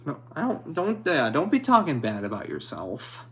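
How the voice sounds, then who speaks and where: A man streaming and answering viewer comments in a halting, hesitant way, apologetic and a little anxious. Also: a little high, huge pitch swings, a bit bright. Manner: halting, hesitant, with many restarts; apologetic and modest. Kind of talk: casual live chat.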